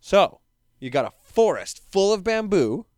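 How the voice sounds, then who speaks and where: A man hosting a podcast, explaining with animated, joking energy. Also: high voice, measured pace, no echo, clean studio sound. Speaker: podcast host. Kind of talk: casual podcast chat.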